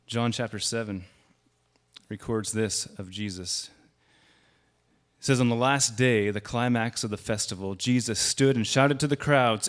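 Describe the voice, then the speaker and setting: A man's voice: mid-range voice, a little slow. A man giving a sermon as a guest preacher, speaking conversationally and raising his voice for quoted lines.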